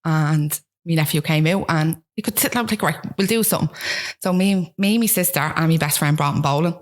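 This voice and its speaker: Frank Dublin woman, lowish voice. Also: brisk. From Ballymun, Dublin, Ireland. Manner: frank, with frequent "like" and restarts. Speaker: guest. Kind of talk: candid conversational storytelling.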